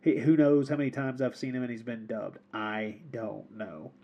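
A man's voice: medium pitch, steady tone, moderate pace, highs cut off. A man co-hosting a podcast, talking casually about films in a rambling way, with many repeated words and frequent laughs. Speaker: podcast co-host. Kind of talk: casual film discussion.

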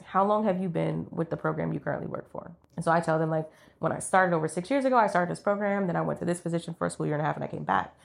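A woman chatting on a podcast with a fairly low voice that has gone rough from a week of coughing. She talks quickly, speaking up bluntly and then trailing off quietly in her stories. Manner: blunt, animated storyteller who trails off quietly. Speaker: podcast co-host. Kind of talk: casual chat.

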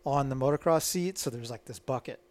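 A middle-aged man, a guest, telling stories in a casual, animated way and acting out the voices of people in them. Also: medium pitch, fairly quick. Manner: animated, acts out quoted dialogue. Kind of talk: casual storytelling.

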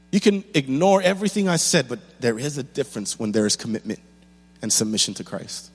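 A man's voice: mid-range voice, brisk, slightly rough, in a large hall. A man preaching a sermon as pastor, building intensity with rhetorical questions and repeated lines.

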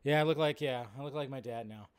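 A man's voice: mid-range voice, quick pace, clean tone. A man hosting a live movie-news stream, chatting casually and rambling with plenty of fillers. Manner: rambling, laid-back, lots of fillers. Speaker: live show host.

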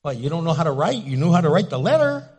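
A man preaching a sermon as pastor, animated and jokey, acting out the quotes he tells. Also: a little high, quick pace, husky. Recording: echoey hall reverb.

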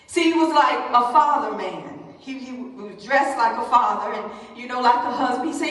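A woman preacher with a high voice tells a story to the congregation in an animated way. She is heard from far off in a big hall with long, ringing reverb. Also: moderate pace, hardly any pauses. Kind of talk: sermon storytelling.

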